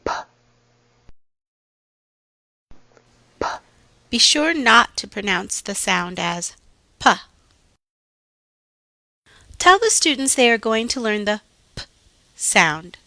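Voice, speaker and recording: A woman reading out scripted teaching instructions in a slow, deliberate, carefully enunciated way. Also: on the high side, big pitch swings, bright, forceful tone, no room sound.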